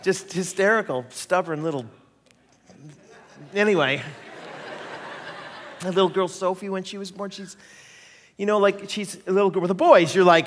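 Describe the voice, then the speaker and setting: A middle-aged man gives a sermon and tells stories from his own life, acting out each voice he quotes. His voice sits a little high for a man. A long reverb trails behind every phrase, the sound of a large hall. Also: moderate pace. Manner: animated, laughing storyteller who acts out quoted voices. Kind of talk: sermon storytelling.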